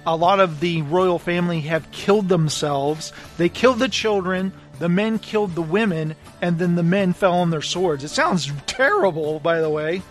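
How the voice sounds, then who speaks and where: A man's voice: high voice, moderate pace, few pauses, faint music behind. A man co-hosting a casual book talk, animatedly retelling the plot and acting out the characters' lines. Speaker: podcast co-host.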